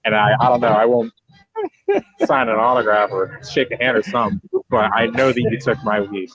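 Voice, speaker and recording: A young man from Massachusetts with a low voice tells stories in a loose, joking way, leaning hard on his words and swearing freely. His tone is animated, but the podcast audio is dull and lo-fi. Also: a little fast. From New Bedford, Massachusetts. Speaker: actor, podcast guest. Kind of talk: casual storytelling chat.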